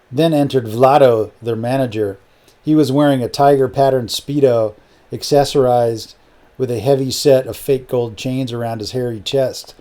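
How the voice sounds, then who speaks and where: Mellow-voiced male audiobook narrator. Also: medium pitch. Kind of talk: scripted narration.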